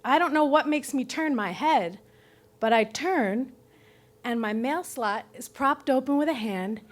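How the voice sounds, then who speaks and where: A woman with a high voice tells a true story live on stage, cursing freely and poking fun at herself. She is from Brooklyn and keeps the tale animated and candid. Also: unhurried. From Brooklyn, New York. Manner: profane, self-mocking, animated.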